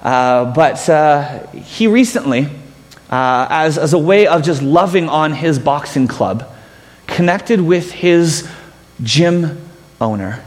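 A man's voice: on the high side, animated, takes it slowly, long reverb tail. A man preaching a sermon as pastor, telling stories with self-mocking humor.

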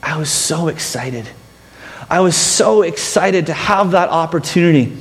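A man's voice: a little high, expressive, unhurried, long reverb tail. A man preaching a sermon as pastor, telling stories with self-mocking humor.

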